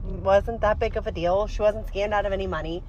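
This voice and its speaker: A woman's voice: medium pitch, steady tone, fast, darkish tone. A woman telling a story in a casual storytime monologue, chatty and amused, with fillers. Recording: dull lo-fi recording with faint noise.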